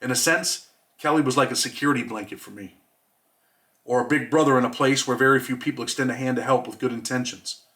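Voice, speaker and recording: Bright-voiced man reading his memoir. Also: mid-range voice. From New York. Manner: measured, reflective. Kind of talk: audiobook reading.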